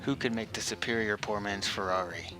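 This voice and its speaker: A man narrating a scripted car comparison voice-over in a flat, self-described monotone with dry humor. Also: lowish voice, brisk, faint music behind. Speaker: car video host.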